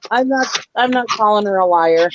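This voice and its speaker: A woman's voice: medium pitch, moderate pace, noisy background. Chatty woman telling a story, lo-fi. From grew up in a city. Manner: chatty storyteller, laughs often. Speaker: co-host of a reseller talk show. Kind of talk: casual chat. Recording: dull lo-fi audio.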